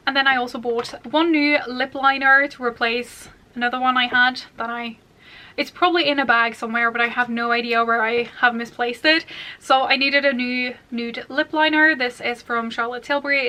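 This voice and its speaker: A woman with a slightly high, bright voice and a forceful tone chats casually and at length about her makeup collection. Her vlog talk is full of fillers.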